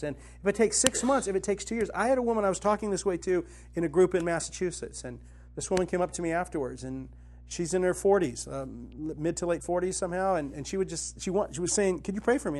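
Telling personal stories with earnest feeling, a middle-aged man delivers a spiritual teaching in a conversational style. He's a Christian teacher and author whose voice sinks soft and low before climbing with conviction.

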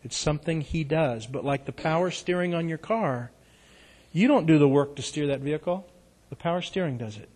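A middle-aged man preaching a sermon, moving between loud, urgent exhortation and soft, hushed reading. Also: on the high side, brisk. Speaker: pastor.

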